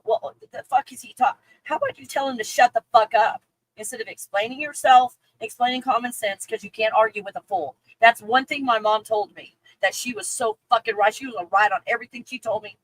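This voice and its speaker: A woman's voice: fairly high pitch, rough recording. A woman hosting a casual livestream, reading viewer comments and ranting with lots of swearing and laughter. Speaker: livestream host.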